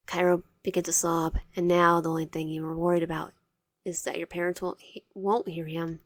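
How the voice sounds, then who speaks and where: A woman's voice: on the low side, flat delivery, fairly quick, no echo, clean studio sound. A woman reading a visual novel aloud in second person, adding wry, joking asides. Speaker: game player reading aloud.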